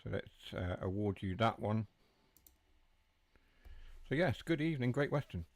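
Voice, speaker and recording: Low, dry-sounding male streamer, easygoing live commentary that drifts into replies to the chat. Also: animated, unhurried, no room sound. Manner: chatty, answers chat while driving. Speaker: game streamer.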